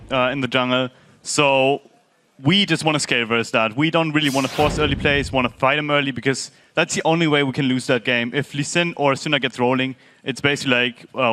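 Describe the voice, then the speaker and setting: A man's voice: mid-range voice, sharp tone, slight background noise. A man answering post-match interview questions as a pro gamer, explaining strategy in a methodical, hesitant way.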